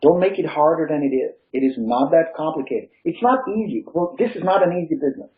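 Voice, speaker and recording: A man's voice: on the high side, lively intonation, fast, phone-quality sound. A man who is not a native English speaker, with a slight foreign accent, talking as a real estate coach in a casual interview, emphatic and motivational. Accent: Eastern European. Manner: emphatic, motivational, laughs easily.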